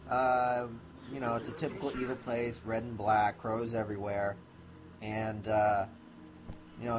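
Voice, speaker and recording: A man narrating a casual game review in a rambling, offhand way. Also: fairly low pitch. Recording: noisy home recording.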